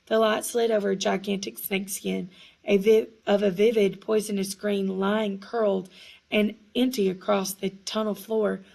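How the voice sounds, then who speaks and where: A woman reading a storybook aloud in a hushed, suspenseful manner, now and then correcting small slips. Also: medium pitch, flat delivery, normal speed, creaky, poor audio. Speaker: audiobook reader. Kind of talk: storybook narration.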